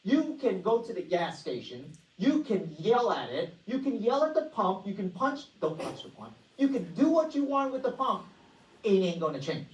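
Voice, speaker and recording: A woman giving an energetic money-management workshop presentation, often asking the audience rhetorical questions. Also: medium pitch, moderate pace. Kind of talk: motivational presentation. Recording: echoey room, voice far from mic.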